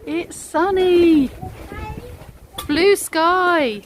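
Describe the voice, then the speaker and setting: In a noisy home video shot outdoors in the back garden, a mother vlogs with a medium-pitched voice, lively intonation and a moderate pace. She chats casually and coos sing-song baby talk while playing with the little ones.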